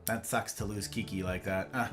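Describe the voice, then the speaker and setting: A man's voice: on the low side, fairly even intonation, moderate pace, over music. A man hosting a casual livestream, chatting playfully and greeting viewers by name. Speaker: livestream host.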